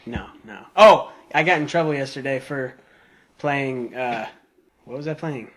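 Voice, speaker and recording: Bright-voiced young man rambling. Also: medium pitch, unhurried. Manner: rambling, self-interrupting, laughs easily. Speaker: podcast co-host. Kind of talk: casual chat.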